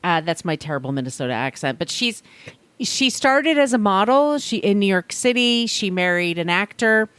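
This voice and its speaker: A woman's voice: mid-range voice, expressive, normal speed, a bit bright, clean tone. A woman in a mid-range voice hosts a podcast, telling stories casually. She rambles loosely and breaks off into asides as she goes. The sound is dry and close, with no room echo. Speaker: podcast host. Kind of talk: casual chat, storytelling.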